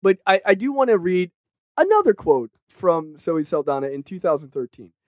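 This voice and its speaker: A man's voice: high voice, sing-song, normal speed, dry recording, studio quality. A man co-hosting a casual film podcast, talking animatedly and profanely, with mocking put-on voices. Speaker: podcast co-host.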